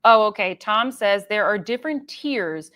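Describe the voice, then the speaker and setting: A young woman hosts a relaxed livestream and reads viewer comments out loud. She talks in a loose, chatty way, full of fillers and small laughs, at a middle pitch. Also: normal speed. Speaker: livestream host. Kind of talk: casual livestream chat reading comments.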